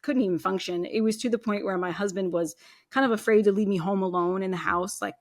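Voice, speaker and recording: A woman in her thirties tells her own story as a podcast guest, talking casually with many "like"s and "you know"s. Her voice sits at an average pitch and is recorded dry, with no room sound. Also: fairly even intonation, fast, no echo. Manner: chatty, lots of "like" and "you know".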